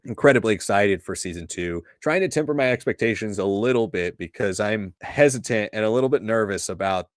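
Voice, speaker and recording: A man co-hosting a casual livestream chat, giving a brisk, organized rundown. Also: sits low, fairly bright tone, no room sound, clean studio sound. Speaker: co-host.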